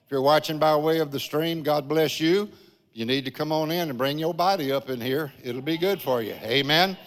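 An older male preacher delivers a sermon in a big church sanctuary, his fairly high voice carried by a long reverberant hall tail. He tells it folksy and personal, like a testimony, and keeps calling "Amen" out to the pews. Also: normal speed.

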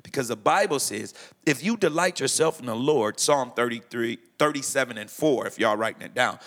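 A man's voice: mid-range voice, lively intonation, normal speed, a bit bright. A middle-aged man, a pastor, talking emphatically in a preaching style and quoting scripture. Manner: emphatic, quotes scripture, repeats phrases.

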